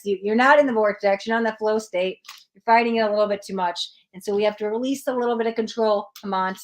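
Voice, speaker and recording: A woman reading tarot cards on a live stream, chatting with viewers and giving blunt readings. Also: fairly high pitch. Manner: blunt, chatty, reads out chat comments.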